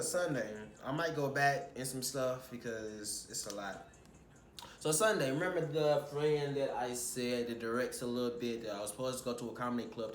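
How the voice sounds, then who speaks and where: A young man from Houston, telling a heated story in casual vlog style, profane and animated, acting out what others said. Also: mid-range voice, a little hiss or hum. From Houston, Texas. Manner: animated, profane, quotes others in his own voice. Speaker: vlogger. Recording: echoey room with faint ambience.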